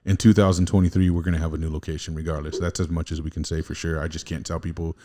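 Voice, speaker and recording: A man's voice: a bass voice, flat delivery, racing, dark tone. A man hosting a casual podcast chat, rambling and profane as he tells stories. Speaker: podcast host.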